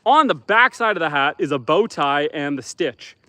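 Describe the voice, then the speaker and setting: The Northern Canadian homesteader talks at normal speed in a slightly high, expressive voice that sounds pushed and bright, with no echo. Outdoors by the bonfire on his off-grid land, he reads viewer comments during a laid-back livestream, rambling along with frequent ums and restarts in his Canadian accent.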